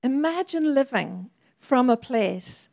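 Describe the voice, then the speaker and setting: A woman's voice: high voice, animated, takes it slowly, creaky, a little mellow. A woman preacher delivering a sermon in an earnest, conversational way with laughing asides.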